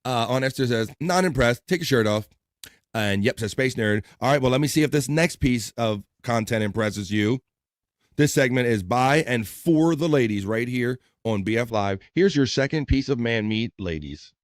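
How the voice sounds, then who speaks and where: Reading viewer comments on his casual livestream, the host jokes, stays laid-back and laughs a lot. He speaks animatedly at a normal speed in a medium-pitched voice, recorded cleanly in a studio with no echo.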